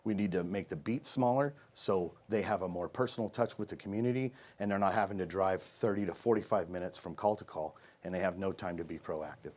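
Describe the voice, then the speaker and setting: Low-pitched man making pointed rebuttal. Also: brisk, few pauses, darkish tone. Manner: pointed, argumentative. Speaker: sheriff candidate. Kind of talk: debate answer.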